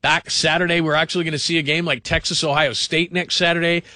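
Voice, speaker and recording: A man hosting call-in sports radio, rambling and animated, sometimes mimicking people in funny voices. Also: fairly high pitch, fast talker, no room sound, studio quality.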